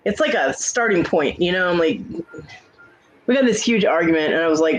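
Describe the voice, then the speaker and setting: A woman's voice: lowish voice, lively intonation, fairly quick, highs cut off. A woman host in casual chat, bluntly telling salty family stories with a laugh.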